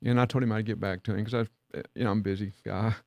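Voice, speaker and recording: Gravelly man telling stories. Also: on the low side, steady tone, fast talker, a little mellow, no echo. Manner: folksy storyteller acting out quoted dialogue. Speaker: podcast co-host and leadership mentor. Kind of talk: casual storytelling chat.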